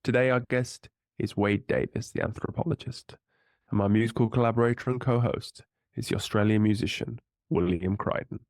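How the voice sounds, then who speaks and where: Flat-toned male podcast host. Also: lowish voice, brisk, no room sound, clean studio sound. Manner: friendly, hesitant, with fillers. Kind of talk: casual interview chat.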